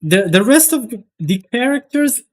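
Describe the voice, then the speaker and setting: A man's voice: extremely high pitch, very animated, a little slow, a little mellow. A young man streaming live, chatting casually and rambling, with lots of restarts and swearing.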